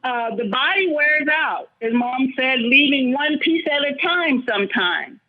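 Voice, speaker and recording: Older woman, high-pitched, earnest interview guest; dull lo-fi recording. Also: lively intonation, measured pace. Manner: thoughtful, earnest, speaks with feeling. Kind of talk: reflective personal storytelling.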